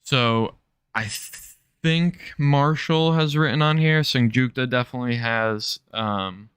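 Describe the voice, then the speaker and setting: Slow-talking nasal male streamer. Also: medium pitch, fairly bright tone, clean tone, no echo, studio quality. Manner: rambling, self-interrupting, sprinkled with profanity. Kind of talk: casual live-stream commentary.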